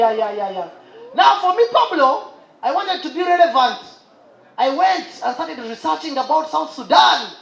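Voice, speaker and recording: High-voiced stand-up man, animated storyteller, live echoey venue, faint crowd. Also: gravelly. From Uganda. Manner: animated storyteller, exclaims and imitates laughter. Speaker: stand-up comedian. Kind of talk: stand-up comedy set. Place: live comedy show stage. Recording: roomy live venue with audience.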